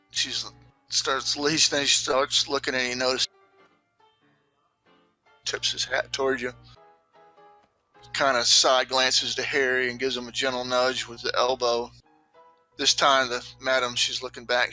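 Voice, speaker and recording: A man's voice: medium pitch, bright, forceful tone. A man narrating a tabletop game as game master, loose and rambling with many fillers.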